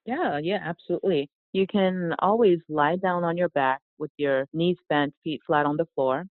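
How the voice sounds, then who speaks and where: A woman's voice: lowish voice, normal speed, dry recording. Earnest woman yoga teacher on a tinny line. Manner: calm, earnest, explanatory. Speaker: yoga teacher and author guest. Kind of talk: casual interview.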